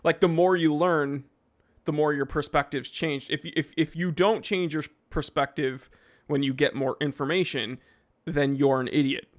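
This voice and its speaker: Male livestream host, casual and animated, slightly raised pitch, lots of restarts. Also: moderate pace. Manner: animated, reads viewer names aloud, frequent fillers and restarts. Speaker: livestream host answering chat. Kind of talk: casual live chat. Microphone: microphone he sometimes bumps.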